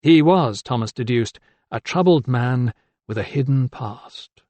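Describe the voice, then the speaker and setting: A man narrating an audiobook with steady, deliberate storytelling. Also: mid-range voice, no room sound. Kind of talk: scripted narration.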